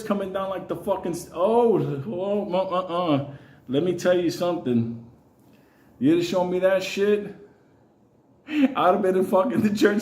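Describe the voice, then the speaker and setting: In an echoey room, the middle-aged host of his own channel rambles through profanity-heavy personal stories, frequently breaking into laughter. His voice is high-pitched with a darkish tone.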